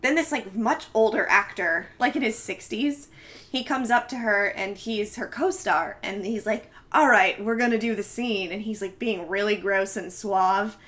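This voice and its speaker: Woman, casual storyteller, bright tone, chatty and animated, acts out quotes. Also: mid-range voice, a little slow. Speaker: podcast co-host recapping a film. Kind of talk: casual chat.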